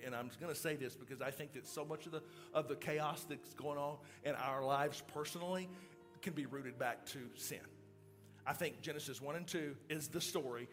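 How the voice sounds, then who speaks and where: This sermon comes from a middle-aged man whose voice is on the high side. He begins with calm storytelling and builds into loud, excited preaching.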